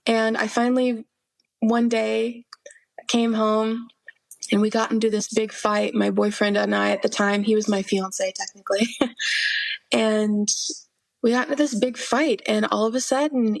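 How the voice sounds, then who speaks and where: Unhurried and gravelly, a young woman's voice sits on the high side as she earnestly tells her personal story as a podcast guest. Her interview testimony is packed with fillers and acted-out quotes, and there's no room sound.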